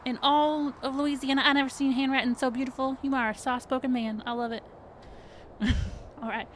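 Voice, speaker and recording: Bubbly HR girl a woman plays, squeaky high and gushing, swoops way up, slight hiss behind. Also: level tone, brisk, close to an everyday voice. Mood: cheerful. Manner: gushing, overly cheerful, high and sing-song. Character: bubbly perky young HR woman.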